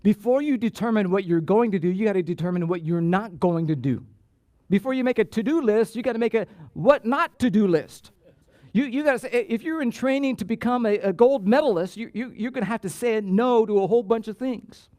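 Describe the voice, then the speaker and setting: A pastor preaching a sermon in church, animated and emphatic, often repeating words and drawing out key phrases. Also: male voice, high voice, fairly quick, no room sound, studio quality. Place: church sanctuary.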